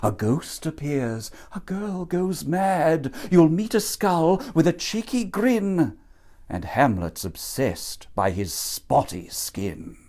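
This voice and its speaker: A man's voice: a little high, big pitch swings, takes it slowly, a little mellow. A man narrating a rhyming storybook in a playful, theatrical manner.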